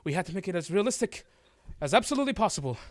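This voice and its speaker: A scheming male elf author who gloats in a raised, ringing, theatrical voice , as a man puts him on for a tabletop game. He is fawning and wordy, with every line pitched well above a normal speaking voice and pushed out loudly. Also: sing-song, rapid-fire, no echo. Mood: gloating.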